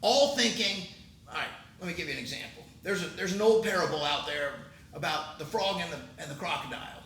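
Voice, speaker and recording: A man's voice: a little fast, fairly bright tone. A man hosting his own political commentary show, talking in an emphatic, indignant way. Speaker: host. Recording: roomy, distant mic, faint rumble.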